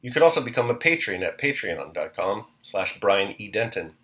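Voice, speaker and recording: A man with a fairly low voice reads a long novel aloud as host of a daily series. His narration is measured and clear, paced for listening. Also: very animated, a bit bright. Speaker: host and reader. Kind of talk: audiobook narration.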